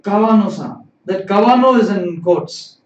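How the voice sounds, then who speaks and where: A man's voice: sits high, lively intonation, unhurried, a little mellow. A man teaching a live-streamed language lesson, explaining patiently and repeating phrases. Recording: roomy, distant, dull sound.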